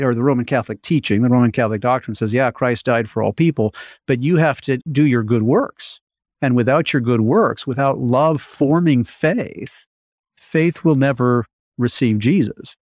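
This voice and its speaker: A man's voice: mid-range voice, darkish tone, no echo, studio quality. A man teaching Lutheran doctrine in an earnest, emphatic way, often asking rhetorical questions. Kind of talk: radio-style catechism teaching.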